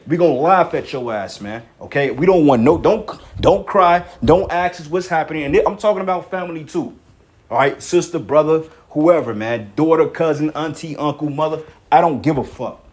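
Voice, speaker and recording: A man with a medium-pitched, darkish voice delivers a heated, preachy rant full of swearing. He keeps repeating himself and ends his lines with "man."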